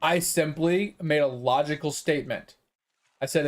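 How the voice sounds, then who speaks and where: A man with a fairly high voice rants on in loose, casual talk. He is a game streamer, worked up and exasperated. He swears freely as he argues his point. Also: normal speed. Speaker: gaming streamer. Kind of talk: casual chat.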